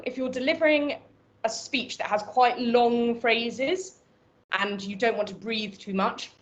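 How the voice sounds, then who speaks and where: A woman with an Irish accent teaching an online voice class, explaining and demonstrating breathing and pitch exercises. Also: lo-fi sound. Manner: instructive, demonstrates vocal exercises. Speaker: voice coach.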